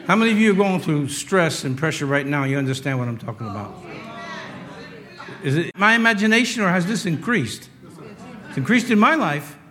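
A man in his sixties preaching a sermon in a conversational way, with wry humor, moving between loud emphasis and quiet asides. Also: on the high side, very animated, moderate pace, pauses often. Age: 60s. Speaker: pastor.

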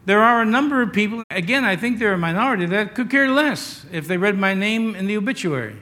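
A man delivers a sermon from the pulpit, his voice sitting notably high for a man. He builds his points through repetition and lightens them with humorous personal anecdotes. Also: animated, quick pace, few pauses, pushed and bright. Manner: storytelling with humor, repetitive emphasis. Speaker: pastor.

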